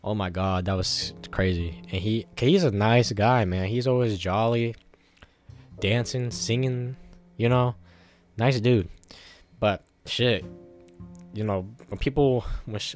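A man's voice: lowish voice, a little mellow. A man telling a casual, rambling story to the camera, full of fillers and swearing.

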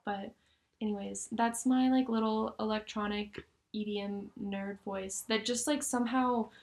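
A woman's voice: mid-range voice, steady tone, unhurried. A young woman co-hosting a casual podcast, chatting enthusiastically with lots of "like" fillers. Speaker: podcast co-host. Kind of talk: casual chat.

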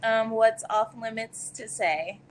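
A woman's voice: fairly high pitch, slow pace. A woman guesting on a podcast, teasing the hosts in a sassy casual chat over an online call. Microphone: online call mic.

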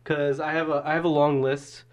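A man's voice: on the high side, level tone, a little fast. A man co-hosting a podcast in a jokey, rambling way, laughing often. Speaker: podcast co-host. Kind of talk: casual podcast chat.

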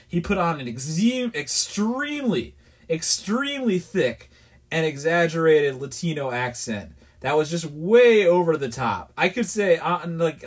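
A man from New York, hosting a podcast and telling a rambling, exasperated story in a candid, casual way. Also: a little high. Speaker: podcast host.

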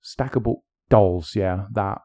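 Low-voiced man, rambling and opinionated. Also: slow, mellow. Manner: opinionated, rambling, lots of fillers. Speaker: podcast co-host. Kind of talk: casual chat.

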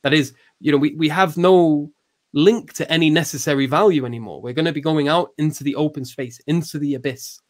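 Slightly high-pitched and fairly quick, he explains ideas casually but hesitantly, restarting and using fillers often. Quoted lines get acted out with a louder voice.

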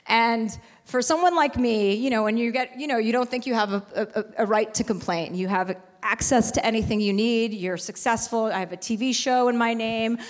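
A woman's voice: a little high, moderate pace, few pauses. Woman host, 40s, frank and profane storyteller, live show, long hall reverb. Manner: frank and profane, rambling with restarts. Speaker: podcast host. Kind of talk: candid storytelling on a live podcast. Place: live stage in a venue.

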